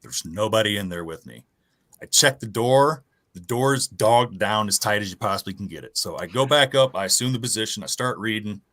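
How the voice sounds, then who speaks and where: A man casually telling a profane, animated ghost story from his Navy days. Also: fairly low pitch, brisk. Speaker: guest storyteller.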